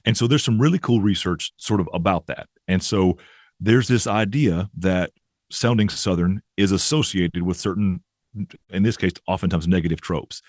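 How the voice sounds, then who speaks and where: Deep-voiced man explaining calmly. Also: moderate pace, no echo, studio quality. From American South. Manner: thoughtful, many restarts and "right?" tags. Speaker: linguistics professor guest. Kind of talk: explanatory interview talk.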